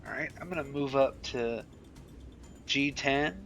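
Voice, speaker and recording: An excitable man playing in a tabletop game, animated as he takes his turn. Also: mid-range voice, unhurried, soft background music. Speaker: player.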